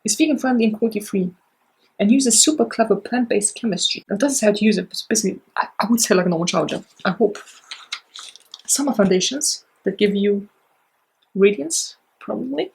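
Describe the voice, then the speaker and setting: A woman chatting casually and excitedly through a beauty box unboxing, with lots of fillers and gushing reactions. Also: mid-range voice, a little fast, vocal fry, husky, poor audio. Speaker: beauty vlogger.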